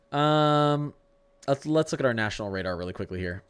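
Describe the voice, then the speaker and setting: A man's voice: mid-range voice, lively intonation, fairly quick, clean tone. A man hosting a casual live weather stream, reading the radar and answering his chat. He talks loosely, restarts his sentences and stumbles over place names. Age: adult with a young son. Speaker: livestream weather host.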